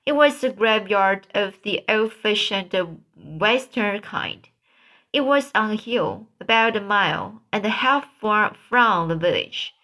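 A woman narrating an audiobook story, reading haltingly and repeating words. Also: mid-range voice, pushed and bright.

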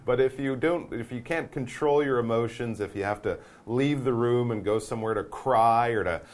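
A man's voice: medium pitch, moderate pace. A man hosting an English lesson, explaining in a casual, playful way and acting out examples. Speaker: English teacher host.

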